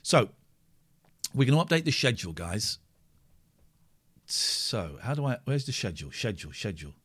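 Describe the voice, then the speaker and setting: Lively rambling male streamer. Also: lowish voice, moderate pace, slightly rough. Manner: rambling, playful, talks to himself while working. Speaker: streamer and radio-style host. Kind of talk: casual live-stream chat.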